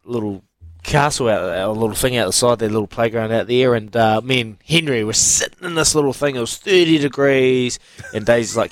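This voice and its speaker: A man's voice: medium pitch, no room sound. A man co-hosting a radio show, telling a story in casual chat and acting out the quotes. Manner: animated yarn-spinning with laughs and acted-out quotes. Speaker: radio co-host.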